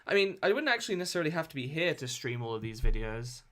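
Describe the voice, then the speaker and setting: A man's voice: a little high, very animated, quick pace, fairly bright tone. A man hosting a game stream and chatting casually with a friend, laughing often. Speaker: streamer host.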